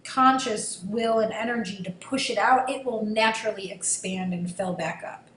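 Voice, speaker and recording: A woman's voice: medium pitch, normal speed, fairly bright tone, a little hiss or hum. A woman hosting an interview, upbeat and playful, summing up her guest's points. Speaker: interview host. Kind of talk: casual interview chat. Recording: roomy sound, faint ambience.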